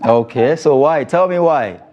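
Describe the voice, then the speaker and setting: A man with a Nigerian English accent hosting a weekend sports phone-in, chatty and quick to laugh with callers, with frequent fillers. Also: a little high, darkish tone, highs cut off. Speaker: sports show host. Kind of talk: radio phone-in presenting.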